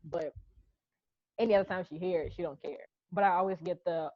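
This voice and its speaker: A woman's voice: fairly low pitch, a little fast, dry recording. A young woman from Charleston, South Carolina, co-hosting a casual podcast chat and telling stories frankly, often quoting people. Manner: frank storytelling, quotes others in voices. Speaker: podcast co-host. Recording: dull, lo-fi podcast audio.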